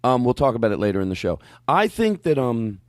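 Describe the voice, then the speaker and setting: Animated rambling male podcast host. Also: medium pitch, a little fast, dry recording, clean studio sound. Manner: animated, rambling, self-aware. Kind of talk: casual comedic chat.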